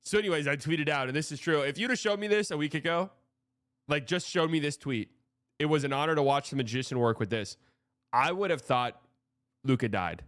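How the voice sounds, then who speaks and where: A man's voice: a little high, brisk, fairly bright tone, dry recording, clean studio sound. Profane, rambling male sports streamer. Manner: frank, profane, rambling with restarts. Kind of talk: casual live-stream commentary.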